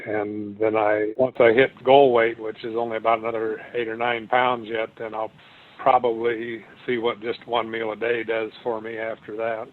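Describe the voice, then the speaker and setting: A man's voice: fairly low pitch, level tone, normal speed, slight background noise. A man talking casually as an interview guest, rambling with many restarts and fillers. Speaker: guest sharing his weight loss story. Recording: tinny phone-like line.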